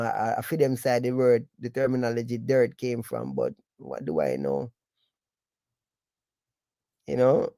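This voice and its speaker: A man's voice: mid-range voice, warm tone, no room sound. A man with a Jamaican accent hosting a live stream, reflective and rambling, with patois tags. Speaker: host.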